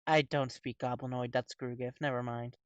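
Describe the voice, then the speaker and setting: A woman with an unusually low voice, joking playfully while playing a tabletop game. The sound is dry and close. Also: steady tone, normal speed, dry recording, highs cut off. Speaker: player. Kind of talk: casual tabletop play.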